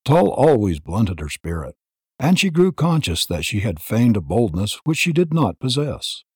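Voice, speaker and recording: Husky guy reading a western audiobook, super lively pitch, dry close sound. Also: moderate pace, no echo. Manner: dramatic, expressive storytelling. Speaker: narrator.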